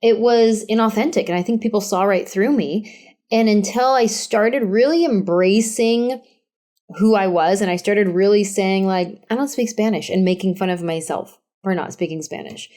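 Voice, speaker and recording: An animated woman comedian in her thirties talks openly as an interview guest. Her voice sits at an ordinary middle pitch. She tells her stories with energy and slips into quick acted-out lines. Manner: candid, animated storyteller who acts out quotes. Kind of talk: casual interview chat.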